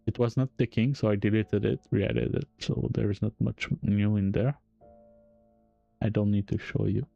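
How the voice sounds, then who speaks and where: This live-stream coding explanation comes from a man with a French accent whose voice is low, mellow and gravelly, with little pitch movement. He goes slowly, halting and self-correcting with small chuckles; the sound is dull and lo-fi with no echo and faint background music.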